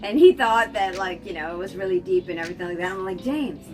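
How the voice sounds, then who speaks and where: An American woman casually telling the story of her marriage in a lively, laughing way. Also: fairly low pitch, quick pace. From United States. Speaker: interviewee, wife. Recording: distant mic with music underneath.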